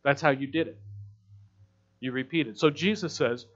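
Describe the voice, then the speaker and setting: Pastor preaching with rising emphasis. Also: male voice, on the high side, animated, highs cut off. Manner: emphatic preaching, builds from quiet to loud and slow; repeats words for emphasis. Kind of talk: sermon. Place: church sanctuary.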